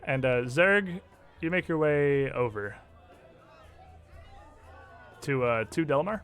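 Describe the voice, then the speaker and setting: A man running a tabletop game as game master, his voice bright and a little higher than most men's. He narrates in a relaxed, loose way, leaning on frequent fillers as he goes. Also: slow, clean tone, soft background music, some chatter behind.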